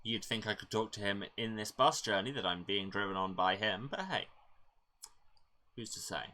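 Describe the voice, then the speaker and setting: A man's voice: on the low side, moderate pace, sharp tone. A man giving gameplay commentary with wry, self-mocking asides. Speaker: let's play gamer.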